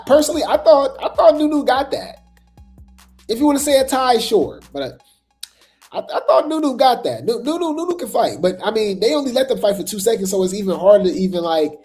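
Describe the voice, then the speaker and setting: Chatty commentary host, rambles w lots of ums, mid pitch, faint music behind. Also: darkish tone. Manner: rambling, filler-heavy, repeats words, chatty asides to viewers. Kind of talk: casual reality-TV commentary.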